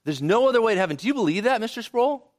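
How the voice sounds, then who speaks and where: A man's voice: high-pitched, animated, very fast, pitched above the performer's own voice. A man putting on a scornful female professor. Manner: sharp and accusing. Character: stern, scornful middle-aged female college professor.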